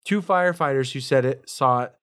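A man co-hosting a podcast, reading notes aloud and riffing in casual, profane, excitable chat. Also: medium pitch, brisk, clear, resonant tone. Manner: swearing, excitable, ramps up when telling stories. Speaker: podcast co-host.

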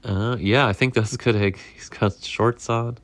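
A man's voice: on the low side, steady tone, unhurried, no room sound. A man reading a picture book aloud to a child at home, taking his time and stopping to chat about the pictures.

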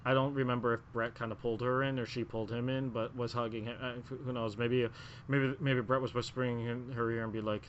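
Speaking a bit fast at a medium pitch with a level tone, a male co-host rambles through his wrestling picks on a casual podcast, often restarting and using filler words. The recording is muffled and lo-fi, with slight background noise.

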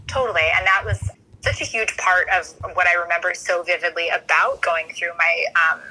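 A woman guest on a podcast, telling her story in an earnest, animated way. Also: fairly low pitch, normal speed, husky, rough recording. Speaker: coaching client and guest. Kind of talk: casual podcast interview.

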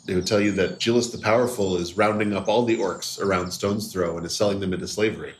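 A man's voice: sits low, fairly even intonation, reverberant, a little hiss or hum. Sick man running a tabletop game. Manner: halting, with many fillers and restarts. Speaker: game master.

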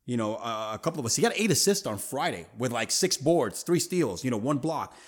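A man hosting a sports talk show, his pitch swinging up and down as he makes his points. He talks emphatically and leans on casual slang. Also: brisk. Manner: animated, emphatic, street slang. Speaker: podcast host.

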